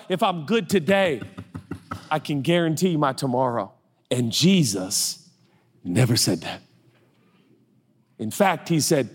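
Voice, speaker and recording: Middle-aged male pastor, lively and self-mocking preaching, slightly high voice, long hall reverb. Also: slow, pauses often, husky. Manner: animated, self-mocking, jumps into high silly voices for comic bits. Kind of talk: sermon. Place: church auditorium.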